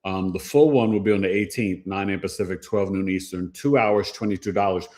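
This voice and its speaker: A man with a deep, low voice hosts a relaxed livestream from home. He chats casually and playfully, tossing in slang and little rhymes. Now and then he slips into quick quoted voices to make a point. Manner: playful, slangy, rhyming asides. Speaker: astrology livestream host.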